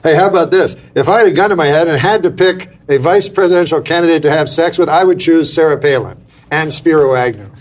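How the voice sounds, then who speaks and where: A man hosting a comedy talk show, with deadpan, teasing banter. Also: on the high side, quick pace, slight background noise.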